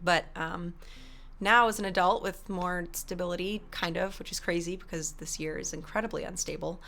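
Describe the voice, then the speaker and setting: A young woman streamer chatting casually with her live chat, rambling and animated, laughing often and reading messages aloud. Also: fairly low pitch, normal speed. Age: young adult.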